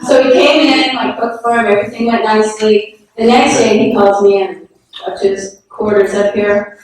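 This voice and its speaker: A woman's voice: medium pitch, fairly even intonation, normal speed, a little mellow, a little hiss or hum. A woman telling personal anecdotes at a memorial gathering in a frank, self-deprecating way, often laughing. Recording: echoey hall from far off.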